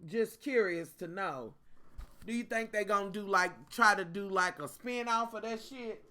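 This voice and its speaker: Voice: medium pitch, moderate pace, sharp tone. A vlogger, ranting in a sassy, profane way straight to the viewers in a casual storytime. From Kentucky.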